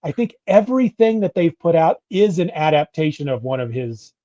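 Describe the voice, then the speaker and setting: A man's voice: a little high, very animated, normal speed, mellow, no echo. A middle-aged man co-hosting a podcast, chatting casually in a rambling way and often restarting his sentences. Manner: rambling, self-correcting, chatty. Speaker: podcast co-host. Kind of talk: casual chat. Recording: dull lo-fi audio.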